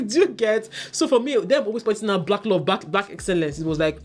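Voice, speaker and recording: A woman's voice: medium pitch, a little fast. A woman giving an exasperated, ranting review of a reality dating show, mock-quoting the cast as she goes. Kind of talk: casual opinionated review.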